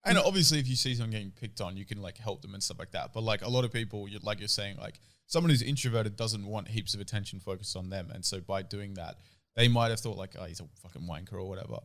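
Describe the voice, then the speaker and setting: A man's voice: fairly low pitch, fast. A young man, co-hosting a podcast, telling crude stories with lots of swearing. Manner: crude, animated storytelling with heavy swearing. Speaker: podcast co-host. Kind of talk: casual chat.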